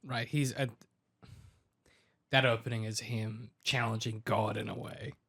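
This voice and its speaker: A man co-hosting a casual podcast, enthusiastic and talking in quick bursts. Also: fairly low pitch, fairly even intonation, a bit bright, husky. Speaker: podcast co-host. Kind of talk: casual chat.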